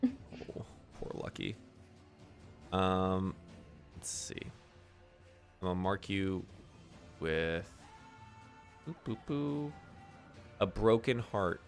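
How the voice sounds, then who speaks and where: A man's voice: sits low, slow pace, pauses often, soft background music. A man narrating a tabletop game as game master, playful and full of fillers. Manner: lively and playful, with many fillers.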